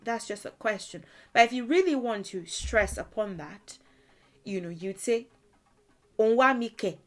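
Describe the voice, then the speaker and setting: A woman gives a relaxed video language lesson in an easy, conversational tone. She fills her explanations with "you know" and laughs often as she works through examples. Her voice sits at an ordinary middle pitch. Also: normal speed. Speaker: language teacher.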